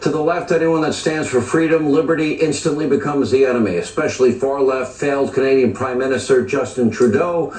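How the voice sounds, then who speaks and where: A man's voice: mid-range voice, a little fast, hardly any pauses, darkish tone, echoey room, recorded from a distance, a little hiss or hum, poor audio. Emphatic male TV commentator. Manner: emphatic, piles up lists of charged phrases. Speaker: TV news commentator. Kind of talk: opinionated TV commentary.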